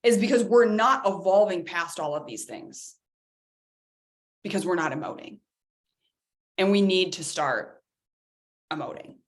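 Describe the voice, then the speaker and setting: A woman wellness coach giving an energetic, emphatic workshop talk, speaking directly to her audience and calling them guys. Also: on the low side, unhurried, pauses often.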